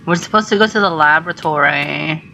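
A woman commenting on her own gameplay, excitable and swearing, with startled shrieks. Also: low-pitched, brisk, vocal fry, a little hiss or hum, rough recording. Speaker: gamer. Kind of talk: let's play commentary.

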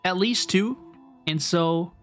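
A man's voice: sits high, takes it slowly, a bit bright, soft background music. A young man streaming a game, talking casually to his chat in a rambling, repetitive way. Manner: rambling, chatty, repeats himself. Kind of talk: casual live game commentary.

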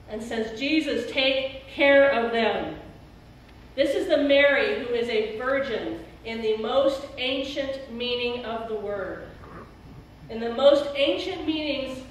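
A woman's voice: fairly high pitch, slight background noise. Emphatic woman preaching in an echoey church. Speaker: pastor. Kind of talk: sermon. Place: church sanctuary. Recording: very echoey church hall, speaker far from mic.

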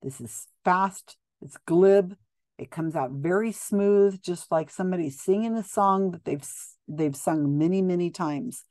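A woman's voice: lowish voice, a little slow, dark tone, dry recording, clean studio sound. A woman giving skeptical, blunt video commentary, talking casually with frequent ums and restarts. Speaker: commentator reviewing psychic videos.

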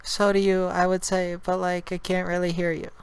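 A man's voice: high-pitched, monotone, moderate pace, clean tone, dry recording. A man voicing a friendly young woman on a video chat who fills her talk with "like". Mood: chatty. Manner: chatty, peppered with "like".

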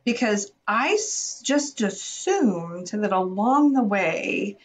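A woman's voice: medium pitch, expressive, takes it slowly. A woman in her forties, a podcast co-host, telling a story about herself casually and poking fun at her own mistakes. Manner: self-deprecating storyteller, tells on herself. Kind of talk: casual parenting chat.

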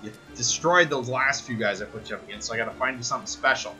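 A man voicing a gruff, cranky male fight promoter who grumbles and curses impatiently, with music behind. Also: medium pitch, fast talker, bright, forceful tone. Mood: grumpy. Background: background music.

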